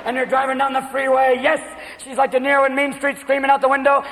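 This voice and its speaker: A man performing a manic stand-up routine, jumping into shouted character voices before a live audience. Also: very high-pitched, fast talker, creaky, hardly any pauses. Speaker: stand-up comedian. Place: large theater stage. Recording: live hall with loud crowd and noise. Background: audience laughter.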